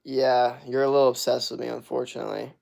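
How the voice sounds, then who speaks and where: His voice is medium-pitched, level, gravelly, and a little mellow, and he talks fast. An online fitness coach on a relaxed livestream, he fires back at chat with blunt, aggressive, nearly nonstop profanity, full of fillers and restarts.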